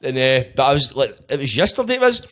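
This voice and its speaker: A Glaswegian man in his late twenties hosts a relaxed podcast chat. He talks at a quick clip and is sweary, blunt and quick to joke. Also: mid-range voice. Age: 20s. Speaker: podcast host. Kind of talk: casual chat.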